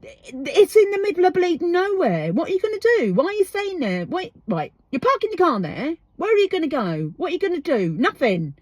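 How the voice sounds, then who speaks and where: Woman ranting + swearing, pitch all over the place, dry close sound in her van. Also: very animated, a little fast, hardly any pauses, a little mellow, no echo. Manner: exasperated, swears freely, rhetorical questions. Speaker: podcast host. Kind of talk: casual ranting monologue. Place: inside a parked van.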